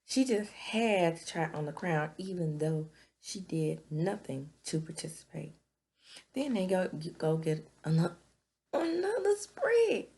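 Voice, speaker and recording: A woman's voice: low voice, measured pace, creaky, mellow. A woman giving a sassy, gossipy recap of a reality show, dropping whispered asides. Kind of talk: casual recap commentary.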